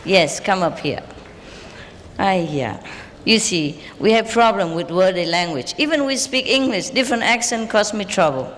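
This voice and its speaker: A woman's voice: mid-range voice, expressive, normal speed. A woman spiritual teacher giving a lecture and answering questions, playful and informal, laughing often. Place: large hall with audience. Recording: reverberant hall, faint background noise.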